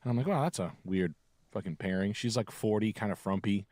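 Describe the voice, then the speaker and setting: A man in his thirties hosting a casual chat, telling a long story full of swearing and quick voice impressions. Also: on the low side, no room sound. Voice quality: profane, animated storyteller who mimics people. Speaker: podcast host.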